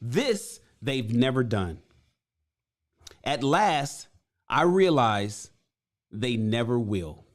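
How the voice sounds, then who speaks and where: A man's voice: medium pitch, sing-song, extremely slow, long pauses, pitched below the performer's own voice. A man voicing a frustrated working-class chariot builder, retelling a parable in profane street slang. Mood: resentful.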